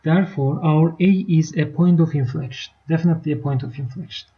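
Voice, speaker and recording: A woman's voice: low voice, fairly even intonation, brisk. A woman teaching a live online math lesson, explaining step by step and checking in with her students. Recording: dull lo-fi stream audio.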